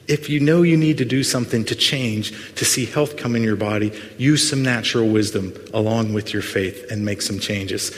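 Male pastor, sermon, earnest with playful asides, mid-pitched voice, long church reverb. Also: steady tone, normal speed, hardly any pauses, fairly bright tone.

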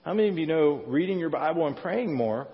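The recording, dull and echoing, captures a male pastor preaching a sermon in a reverberant church sanctuary. His voice is a little high, animated, and fairly quick, and he talks conversationally, asking the congregation questions.

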